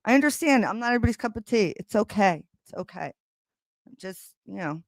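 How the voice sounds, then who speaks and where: A woman hosting a livestream, chatting casually with viewers in a loud, animated way and swearing freely, recorded on a streaming microphone. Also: medium pitch, brisk, no echo. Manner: loud and animated when excited. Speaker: livestream host.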